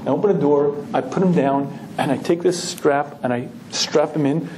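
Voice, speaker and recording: A male Torah lecturer telling a lively story, clearing his throat often. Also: on the high side, moderate pace, hardly any pauses, a little hiss or hum. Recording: roomy echoing hall.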